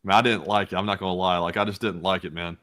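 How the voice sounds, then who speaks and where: A man's voice: sits low, fairly even intonation, a bit bright. A man with a Southern American accent co-hosting a casual chat, wisecracking and griping with a laugh. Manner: quick, wisecracking, complains with a laugh. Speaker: co-host.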